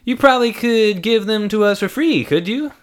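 A man's voice: high-pitched, animated, normal speed, pitched above the performer's own voice. A man voicing a persistent young man who keeps pleading and pressing. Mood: coaxing. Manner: pleading, insistent. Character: young man, persistent, odd sudden charm.

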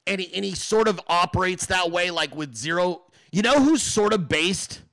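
Man, livestream host, high voice, dry close sound, profane emphatic rant, talks to chat. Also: animated, normal speed, a bit bright, dry recording. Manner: emphatic, profane, rambling, addresses viewers and chat directly. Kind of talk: casual profane political rant.

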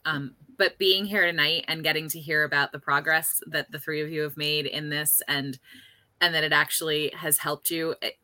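A woman's voice: deep voice, fairly even intonation, moderate pace, pushed and bright, no echo. A woman guest on a podcast, speaking in a reflective, appreciative way. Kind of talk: casual podcast chat.

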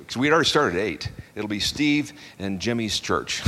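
A man's voice: on the low side, sing-song, brisk, pushed and bright, slightly rough. A middle-aged man preaching to a congregation, a folksy, chuckling storyteller who restarts his sentences, then leading a closing prayer. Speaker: pastor. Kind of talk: sermon with stories and closing prayer. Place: church hall before a congregation. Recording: long hall reverb.

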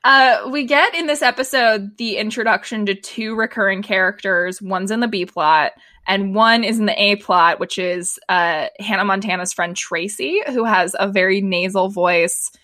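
Bright-voiced chatty woman. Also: medium pitch, normal speed, hardly any pauses, no room sound. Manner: chatty, laughs often, many fillers. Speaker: podcast co-host. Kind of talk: casual chat recapping a TV episode.

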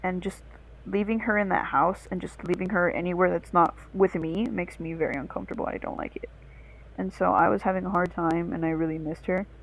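A woman's voice: lowish voice, a little fast, rough recording. Profane young woman telling a story. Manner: profane, rambling, animated. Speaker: podcast co-host. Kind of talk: casual storytelling on a podcast.

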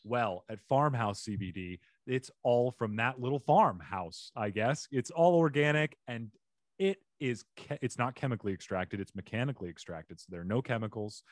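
A man's voice: mid-range voice, animated, moderate pace, no echo, clean studio sound. A man hosting a comedy podcast over a remote call, joking and ad-libbing playfully in casual chat. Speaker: podcast host.

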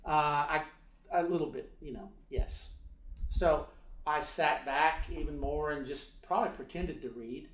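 A man's voice: a little high, measured pace. A man telling a personal story in a casual interview, hesitant with many fillers, acting out dialogue. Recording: roomy echo.

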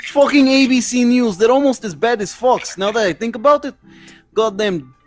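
A man's voice: very high-pitched, moderate pace, faint music behind. A young man co-hosting a podcast in crude casual banter, swearing constantly and laughing often. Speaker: podcast co-host.

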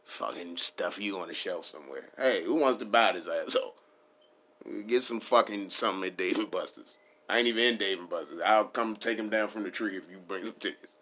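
A man's voice: low voice, a little fast, pushed and bright. A man riffing in a casual comedic style, rambling and profane, laughing at his own jokes.

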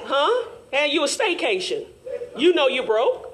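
A woman teaching Sunday school in a fervent, call-and-response preaching manner, rising at times to shouts. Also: high-pitched, big pitch swings, unhurried.

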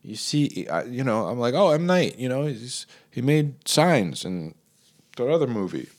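A man doing a rambling comic rant, his pitch jumping up high for emphasis. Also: sing-song, measured pace.

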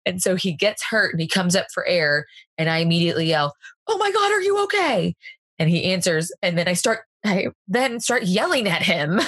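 A woman's voice: fairly low pitch, a little fast, fairly bright tone, dry recording. A woman in her thirties chatting casually as a podcast co-host, candid and self-mocking, often laughing. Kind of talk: casual chat.

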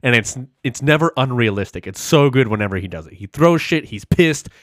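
A man recapping a movie in a casual podcast chat, animated and heavy on the swearing as he rambles through the plot. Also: medium pitch, fairly quick, no room sound, studio quality. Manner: animated, profane, rambling storyteller.

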